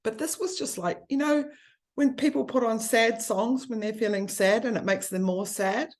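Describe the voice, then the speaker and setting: A woman's voice: fairly high pitch, normal speed. A woman, speaking earnestly and from the heart in a conversation about grief. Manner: earnest and heartfelt, speeding up when listing.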